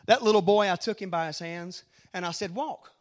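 A middle-aged man preaching a rambling sermon, moving from hushed storytelling to shouted exhortation. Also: high voice, steady tone, fairly quick.

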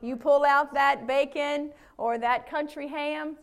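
Woman preacher, high-pitched voice, folksy, animated, sermon. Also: slow pace. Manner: folksy and animated, with frequent amens. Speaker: pastor.

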